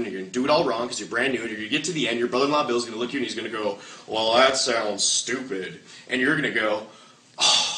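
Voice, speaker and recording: A man giving an energetic, joking motivational sales training talk to an audience, firing off rhetorical questions. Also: medium pitch, slight background noise. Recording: echoey room, mic far off.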